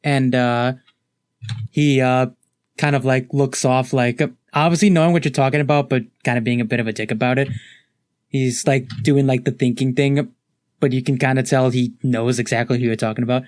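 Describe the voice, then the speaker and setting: A man's voice: mid-range voice, fairly even intonation, moderate pace, darkish tone, no echo, studio quality. A man narrating a tabletop game as game master in a casual, rambling way with many fillers.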